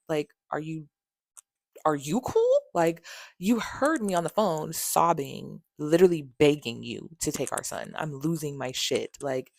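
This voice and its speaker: A woman's voice: low-pitched, creaky, darkish tone, no room sound, clean studio sound. Exasperated woman venting in a vlog. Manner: candid, exasperated, sarcastic retelling; swears freely. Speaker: vlogger. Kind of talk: storytime vlog.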